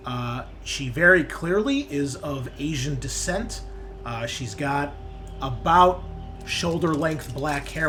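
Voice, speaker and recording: Guy gm narrating a tabletop scene, rambly, music going behind him. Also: medium pitch. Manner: rambling second-person scene description. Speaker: game master. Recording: tense background music.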